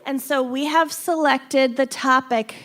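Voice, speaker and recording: A woman's voice: high-pitched, steady tone, measured pace, fairly bright tone. A woman co-hosting a live podcast show, bubbly and swearing freely. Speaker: podcast co-host. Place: live stage before a crowd. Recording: live show with audience noise.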